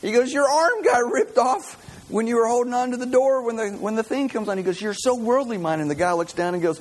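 A man's voice: a little high, a little hiss or hum. A man preaching a casual, conversational sermon as pastor, telling stories with lots of repeated restarts. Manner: animated storyteller, many repeated restarts.

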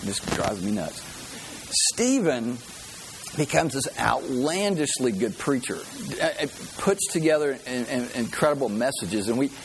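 A man's voice: mid-range voice, a little hiss or hum, poor audio. A man preaching a sermon, telling stories in a conversational way and often checking in with "right?". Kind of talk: sermon with a storytelling lesson.

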